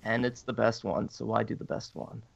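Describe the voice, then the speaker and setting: A man's voice: on the low side, little pitch movement, a little fast, creaky, highs cut off. A man co-hosting a podcast in casual chat, joking and swearing freely. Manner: joking, profane. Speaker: podcast co-host.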